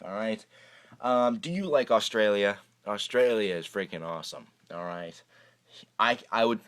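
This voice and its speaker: A young man runs his own magic channel on YouTube and answers viewer questions in a casual Q&A vlog, rambling and chatty with lots of hesitant restarts. His voice is lowish and a little bright, picked up by the camera's microphone.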